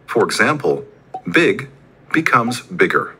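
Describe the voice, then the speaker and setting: A man reading a scripted grammar explanation in an even, textbook-like way. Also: mid-range voice, slow, a little hiss or hum. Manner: even, textbook-like delivery without fillers. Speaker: recorded lesson narrator.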